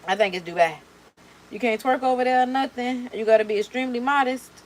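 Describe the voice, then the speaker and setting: A young adult woman hosting a reaction video, chatting casually in a sassy, animated way while doing her makeup. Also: on the high side, quick pace, low-quality recording. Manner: sassy, animated, slangy and expressive.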